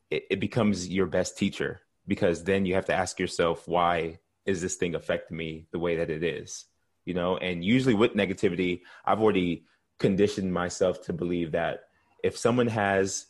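A man's voice: sits low, darkish tone. A man talking on a panel in a thoughtful, reflective way. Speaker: panel guest. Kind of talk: casual panel chat.

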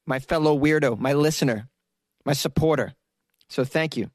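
A middle-aged comedian hosts his own podcast, talking casually on his own and rambling with frequent self-interruptions. His voice is on the high side, and the sound is studio quality with no echo.

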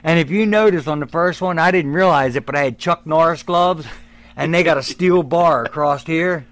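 A man with a fairly high voice tells casual stories as a guest. He acts out the voices of others with energy and laughs often along the way. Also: moderate pace, a little hiss or hum. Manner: animated, acts out the voices of people in his stories. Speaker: guest, former wrestler. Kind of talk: casual storytelling.

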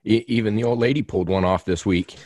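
A very low-voiced man chats in a relaxed, teasing way and laughs easily. The sound is close and dry, with nothing around it. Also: fast talker, no echo. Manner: laid-back, laughs often, teasing. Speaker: podcast co-host. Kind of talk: casual hunting chat.

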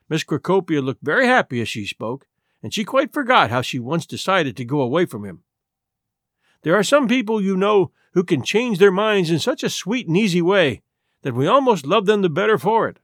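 A man reading a classic story aloud as host of a podcast, expressive and gentle. His pitch sits a little high and moves a lot. The sound is dry and close to the mic. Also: moderate pace, no echo. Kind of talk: storybook narration.

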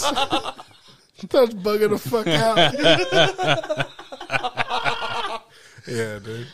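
A man's voice: a little high, wildly swooping pitch, slow pace, pauses often, over a noisy crowd. Laid-back, swearing man in casual chat. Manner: profane, laid-back storyteller. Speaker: podcast guest.

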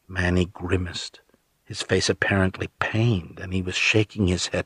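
A man narrating an audiobook in the first person, in a measured, steady manner, on a close studio mic. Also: low-pitched, breathy edge, no room sound.

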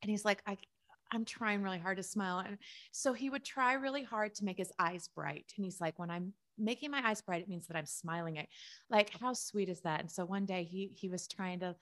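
A woman's voice: mid-range voice, a little fast, a bit bright. A middle-aged woman speaking candidly and tenderly in a personal conversation, sometimes laughing through sad memories. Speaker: guest.

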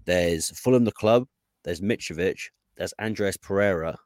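A man's voice: low voice, normal speed, a little mellow, dry recording, studio quality. A man chatting casually as a podcast guest, rambling with fillers and restarts. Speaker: podcast guest, Fulham fan. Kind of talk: casual football podcast chat. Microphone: podcast microphone.

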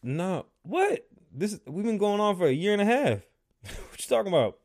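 A man hosting his own podcast livestream, ranting casually and profanely, with sudden loud outbursts. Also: sits high, big pitch swings, moderate pace. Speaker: podcast host.

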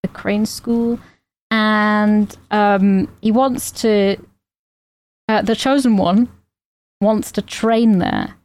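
A woman's voice: mid-range voice, fairly even intonation, extremely slow, long pauses, a little mellow. A woman co-hosting a podcast, recapping a comedy film in casual chat, rambling with fillers and laughing as she goes. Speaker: podcast co-host.

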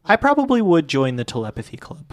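A man chatting casually with friends, dropping wry, self-mocking remarks. His pitch moves a lot, and the recording is dry and close. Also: wildly swooping pitch, quick pace, dry recording. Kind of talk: casual chat.

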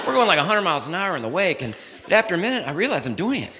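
A man performing stand-up comedy, telling a story in an animated, exaggerated and self-mocking way. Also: high voice, very fast, some chatter behind. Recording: live venue with laughing audience and noise.

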